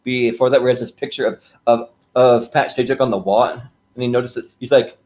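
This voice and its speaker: Male podcast host, middle-pitched, loose rambling recap, casual chat. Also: fairly even intonation, brisk, darkish tone. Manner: rambling, many fillers and restarts, laughs often.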